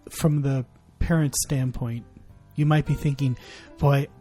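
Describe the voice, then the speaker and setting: A man's voice: mid-range voice, steady tone, a little slow, mellow, faint music behind. A man co-hosting a parenting podcast, talking in an earnest, reflective way. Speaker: podcast co-host. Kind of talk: casual chat.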